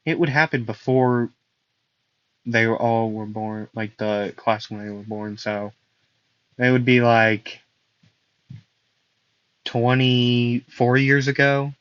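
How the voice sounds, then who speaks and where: A man narrates an improvised fan story at a slow, unhurried pace, rambling and correcting himself as he goes. His voice sits in an ordinary middle range. The recording is dry and somewhat dull, as from a close home mic. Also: medium pitch, steady tone, fairly bright tone, clear, resonant tone, no room sound. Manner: rambling, self-correcting, many fillers.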